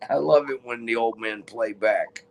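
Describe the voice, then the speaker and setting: A man's voice: mid-range voice, creaky, low-quality recording. A middle-aged man telling rambling, profane stories in a casual chat, often laughing. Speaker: live chat guest.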